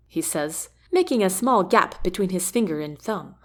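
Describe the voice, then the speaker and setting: Expressive woman reading a novel aloud. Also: lowish voice, moderate pace. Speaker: audiobook narrator. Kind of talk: first-person novel narration.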